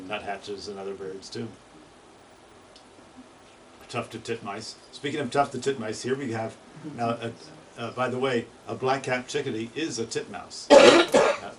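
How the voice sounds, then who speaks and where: A man talks through birdsong in an easygoing, enthusiastic way and now and then mimics a call. His voice sits at a middle pitch. He stands a little back from the mic, and steady noise runs under him. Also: normal speed, recorded from a distance. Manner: chatty, enthusiastic, imitates bird calls. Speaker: birding presenter. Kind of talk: informal talk on birdsong.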